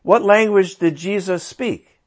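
A man lecturing on how to read the Bible, his voice sitting a little high for a man. He sounds tired and takes it slowly. He talks in a loose, conversational way and keeps asking the class rhetorical questions. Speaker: Bible teacher.

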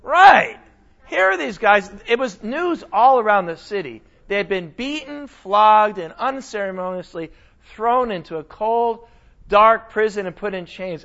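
High-voiced man teaching a casual sermon. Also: highs cut off. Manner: animated, conversational, asks the audience questions. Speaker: Bible teacher.

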